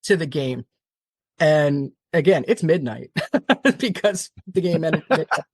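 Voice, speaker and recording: A woman guest on an interview podcast, telling a long story in an animated, fast-talking way, often restarting her sentences. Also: low voice, husky, dry recording, studio quality. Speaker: television producer, guest.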